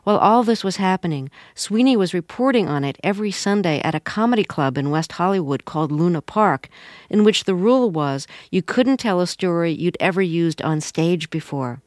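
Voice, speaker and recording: A woman radio interviewer introducing a guest and asking questions in a measured, calm way. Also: lowish voice, no room sound, clean studio sound.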